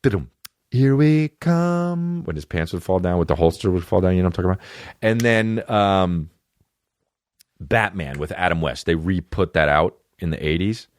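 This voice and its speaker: A man's voice: low-pitched, moderate pace, dry recording. A man in his twenties hosting a comedy podcast in casual, profane, rambling chat, often slipping into goofy voices. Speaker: podcast host.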